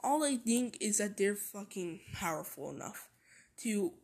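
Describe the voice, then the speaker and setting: A woman's voice: mid-range voice, expressive, unhurried, a little mellow, breathy edge. A woman vlogging in a casual rant, swearing constantly and repeating herself.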